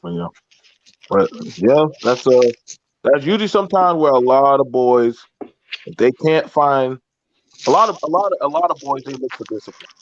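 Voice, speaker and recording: A man telling stories in a casual chat, profane and animated, laughing often. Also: mid-range voice, normal speed. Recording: dull lo-fi sound, faint hiss.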